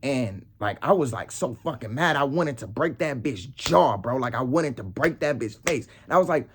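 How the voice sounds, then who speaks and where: Young male vlogger, husky voice, heated slang-heavy rant. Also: medium pitch, lively intonation, normal speed, few pauses, fairly bright tone. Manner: heated street slang, repeats "bro" and "nigga". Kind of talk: casual storytelling rant.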